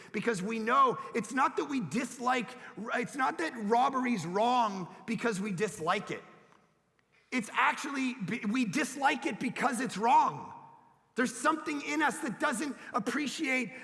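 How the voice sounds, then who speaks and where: A middle-aged man preaching a sermon, telling family stories and breaking into shouts as he acts out his kids. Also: very high-pitched, vocal fry. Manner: storytelling preacher, bursts into shouting when acting out kids. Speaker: pastor. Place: church hall. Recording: long reverb of a church hall.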